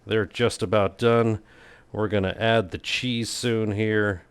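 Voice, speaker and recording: A man's voice: on the low side, fairly even intonation, slow, smooth, dry recording. A man hosting a casual cooking video, talking in a playful, goofy way with self-mocking jokes. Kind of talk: casual cooking vlog narration.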